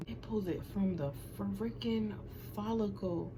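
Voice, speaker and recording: A woman's voice: mid-range voice, fairly even intonation, takes it slowly, hardly any pauses, noisy background. A young woman filming a casual vlog at home, chatting playfully with her viewers and giggling through her nerves. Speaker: vlogger. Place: small room at home under a ring light.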